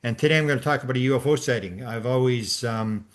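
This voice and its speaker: A man's voice: mid-range voice, fast talker. An older man hosting a podcast, telling a long story in a casual, rambling way with many restarts and fillers. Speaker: podcast host.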